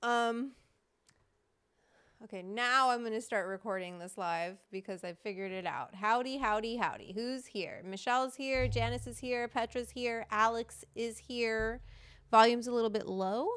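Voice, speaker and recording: A woman's voice: fairly high pitch, measured pace, a bit bright, smooth. Flustered woman fixing her mic on a livestream. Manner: flustered, apologetic, talks to herself while fixing gear. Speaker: livestream host. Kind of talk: casual livestream chat. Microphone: desk microphone.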